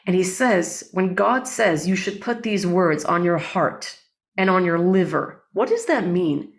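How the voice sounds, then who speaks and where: A woman's voice: lowish voice, animated, measured pace. A woman guest on an interview, a breathwork facilitator explaining ideas earnestly, often checking in with "right?" and quoting Hebrew prayers. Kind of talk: reflective interview talk.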